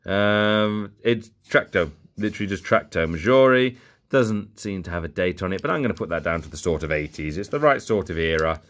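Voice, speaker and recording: A man's voice: low voice, lively intonation, brisk, fairly bright tone. A young man rambling jokily through a bag of old toy cars. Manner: rambling, jokey, muttering asides. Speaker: toy collector vlogger. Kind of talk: casual unboxing commentary.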